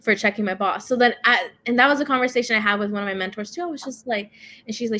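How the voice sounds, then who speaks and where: A woman's voice: a little high, fast talker. A woman, a guest in an interview, telling a story in casual conversation and acting out the other people in it. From first-generation Latina in the United States. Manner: animated, quotes others in dialogue.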